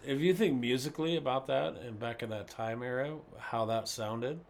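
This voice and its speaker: Sick man, gravelly, dry offhand remarks, faint background noise. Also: mid-range voice, normal speed. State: sick, congested. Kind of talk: casual chat.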